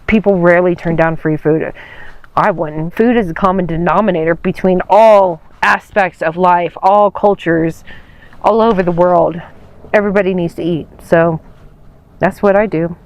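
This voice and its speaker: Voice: medium pitch, fairly even intonation, moderate pace, no room sound, rough recording. An adult speaker giving a cheerful, matter-of-fact interview answer. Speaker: interviewee, nomad.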